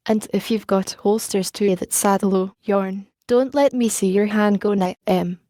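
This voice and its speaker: A woman reading the part of a gruff, suspicious male coach guard who growls his threats. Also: medium pitch, fairly even intonation, measured pace, warm tone, no room sound, clean studio sound, natural voice. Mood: threatening.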